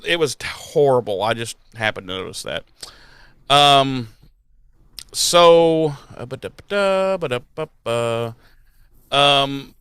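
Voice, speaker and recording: A man hosting a podcast, casually retelling an episode with animated mocking voices for the characters and plenty of swearing. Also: mid-range voice, smooth, dry recording. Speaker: podcast host.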